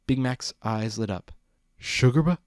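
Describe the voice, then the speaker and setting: A man reading a fan fiction story aloud as narrator, in an even storytelling manner. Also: mid-range voice, moderate pace, dry recording, studio quality. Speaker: reader.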